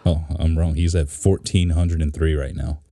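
A man's voice: very deep voice, fairly even intonation, moderate pace, mellow, no room sound, studio quality. A man co-hosting a podcast, chatting casually in a rambling, talkative way. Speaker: podcast co-host. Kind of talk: casual chat.

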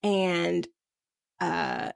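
A woman casually recapping a film, rambling with filler words and quick asides. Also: on the low side, gravelly. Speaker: co-host retelling a film. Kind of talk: casual chat.

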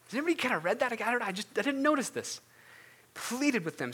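A man's voice: high voice, big pitch swings, fairly quick, fairly bright tone, breathy edge. A man preaching a casual, earnest sermon as a pastor and then praying, talking in a loose, conversational way. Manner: earnest, conversational, many fillers and restarts. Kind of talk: casual sermon ending in prayer.

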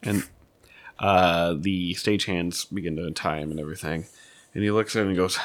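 A man's voice: sits low, steady tone, moderate pace. A man narrating as game master of a tabletop game, loose and full of fillers.

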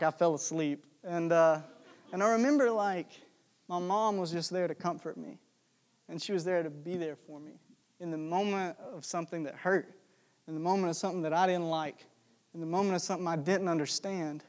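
A young man preaching a sermon in a relaxed, storytelling way, chatty and joking with lots of fillers. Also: high-pitched, normal speed. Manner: conversational, jokey, with many fillers.

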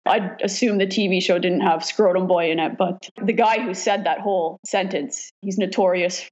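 A woman's voice: fairly low pitch, fairly even intonation, normal speed, darkish tone. Firefighter lady telling stories, blunt, laughs a lot, swears, dull lo-fi sound. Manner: frank and laughing, swears freely. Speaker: firefighter guest. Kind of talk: casual storytelling in an interview. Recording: dull lo-fi recording.

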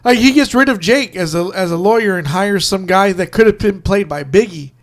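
A man's voice: high voice, brisk. A man chatting casually about movies on a podcast. He laughs often and trails off mid-sentence. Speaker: podcast co-host.

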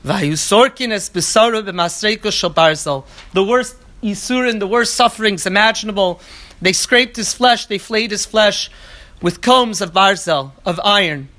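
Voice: medium pitch, moderate pace, bright, forceful tone. Earnest teacher translating text line by line. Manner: reads each passage aloud in the original, then translates it phrase by phrase; earnest, builds up restated phrases. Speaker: Torah teacher. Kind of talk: evening Talmud lecture.

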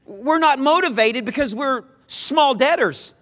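A male preacher with a high voice delivers a sermon in an emphatic, repetitive way. His pitch rises and falls widely as he shifts from loud appeals to hushed lines. The long reverb of a large hall trails after every phrase. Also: lively intonation, unhurried.

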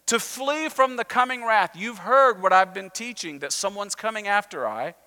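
A man's voice: high-pitched, animated, normal speed, sharp tone, in a large hall, full character voice. A man voicing a fiery male prophet who scolds and mocks the crowds coming to him. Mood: scornful.

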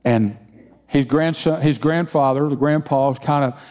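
A man preaching a sermon in a church sanctuary, his voice sitting a little high for a man. He drives his points home with repeated phrases and call-and-response. A long reverb trails each line through the big hall. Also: a little slow, darkish tone. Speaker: senior pastor.

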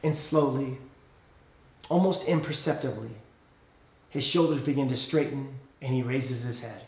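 A man preaching a sermon as pastor, telling a story earnestly and praying softly. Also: unhurried, echoey room. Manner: earnest storytelling, dropping soft and low in prayer.

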